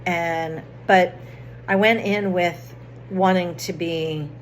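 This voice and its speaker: Woman, lowish voice, casual rambling story, fillers and restarts, faint background noise. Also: steady tone, takes it slowly. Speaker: vlogger.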